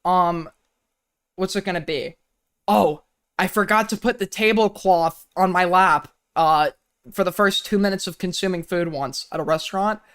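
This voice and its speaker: Dude streamer riffing sarcastically, swears a lot, rambly. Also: male voice, high-pitched, normal speed, a bit bright, clean tone. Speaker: streamer reacting to clips. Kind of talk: casual stream commentary.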